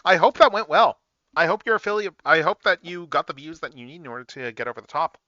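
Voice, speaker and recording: A male livestream host with a high, sharply bright voice talks casually as he works, rambling and thinking out loud with bursts of excitement. The recording is a little dull and lo-fi, with a dry sound and no room echo. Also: fast talker. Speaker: livestream host building model kits.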